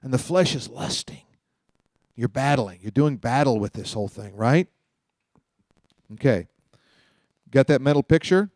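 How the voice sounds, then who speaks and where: A man teaching from the Bible in a lively, joking way, telling stories to his class. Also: medium pitch, fairly quick, long pauses, no echo, clean studio sound. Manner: animated, joking, storytelling. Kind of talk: teaching sermon.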